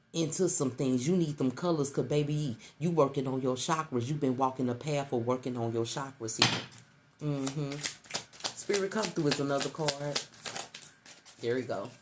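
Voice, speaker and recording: With a rumbling low voice that's a little mellow, a middle-aged woman talks at normal speed over slight background noise. She offers the viewer an intuitive tarot reading, repeating herself, coaxing, and calling the listener baby.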